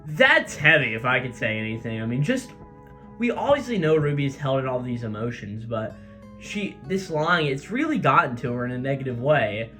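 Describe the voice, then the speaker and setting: A man's voice: mid-range voice, very animated, normal speed, bright, forceful tone, soft background music. A man casually recapping a comic chapter in a chatty, filler-heavy way. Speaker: manga recap host.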